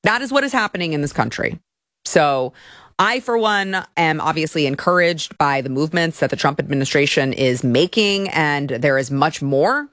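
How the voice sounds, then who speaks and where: A woman's voice: sits low, animated, normal speed, a bit bright, no echo, studio quality. A woman giving opinionated video commentary in a sarcastic, indignant rant. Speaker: political commentator.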